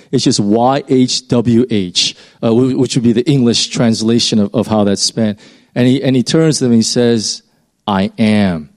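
A man's voice: mid-range voice, a little mellow. A man preaching a sermon in an informal, conversational way, rambling a bit and pushing his voice up for emphasis.

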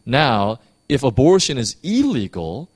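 A man from the United States, a pastor, preaching a sermon in a conversational, animated way with many restarts. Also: medium pitch, unhurried, husky, no echo.

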